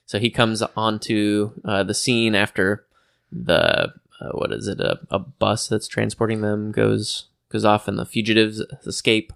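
Gravelly man, dry podcast co-host. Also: fairly low pitch, fairly bright tone, no echo. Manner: dry, teasing, halting with many fillers. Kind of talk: casual chat.

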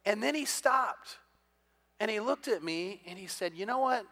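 A middle-aged man preaching a sermon, telling a story with a high, bright voice. He stumbles through quick restarts and acts out the voices of the people he describes. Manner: animated storyteller, many repeated "and, and" restarts, acts out quoted voices. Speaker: pastor.

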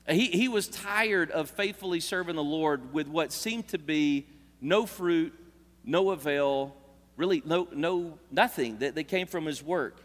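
Male preacher, fairly high voice, earnest and conversational, in a reverberant church hall. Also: measured pace. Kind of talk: sermon. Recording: long reverb of a large hall.

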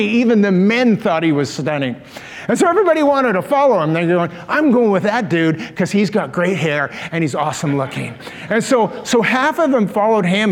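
Middle-aged male preacher, high voice, joking storyteller, long hall echo. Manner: storytelling, humorous asides, laughs at own jokes. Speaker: pastor. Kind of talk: sermon.

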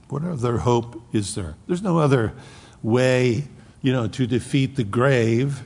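An older pastor in his seventies preaching with a gravelly, husky voice. He leans hard on quoted scripture and drops in folksy jokes. His voice rings with long reverb from a church hall. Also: mid-range voice, expressive, takes it slowly, pauses often, darkish tone. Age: 70s. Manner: folksy, joking asides, emphatic quoting of scripture. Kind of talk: sermon.

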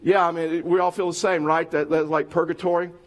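A man's voice: a little high, little pitch movement, fairly quick. Middle-aged male pastor preaching earnestly. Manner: earnest, addressing listeners directly, frequent restarts. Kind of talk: sermon. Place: church service.

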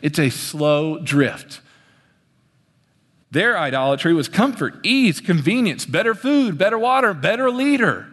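Young guy preaching up on stage, high voice, lively, pitch jumping all over, long echo from the big hall. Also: measured pace. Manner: animated, acts out quoted voices with big pitch swings. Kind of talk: sermon.

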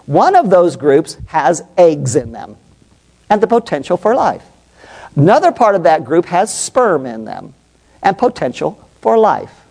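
A man's voice: fairly high pitch, very animated, a little slow, creaky, a little mellow. A middle-aged man, a pastor and psychologist, preaching a passionate, emphatic sermon and putting questions to the congregation.

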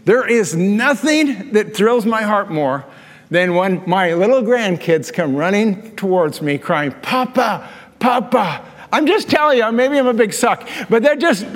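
An older man preaching a conversational sermon as a pastor, animated and telling stories with self-deprecating asides. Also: high voice. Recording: long reverb of a large hall.

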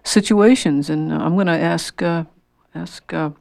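Gravelly, dry-sounding radio host. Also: mid-range voice, a little mellow, no echo. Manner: halting, many restarts. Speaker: radio talk show host. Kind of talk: call-in radio hosting.

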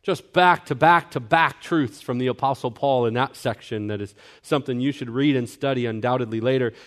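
A man's voice: medium pitch, brisk. A young-adult man pastor teaching a sermon earnestly, explaining scripture point by point. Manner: earnest, mimics people in quoted asides.

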